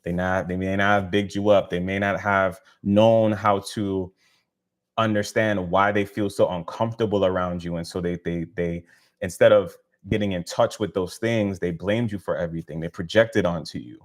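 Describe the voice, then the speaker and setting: A man's voice: sits low, fairly even intonation, normal speed. A man hosting a casual live stream, talking in a laid-back, slangy, encouraging way and laughing often. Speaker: live stream host, spiritual healer.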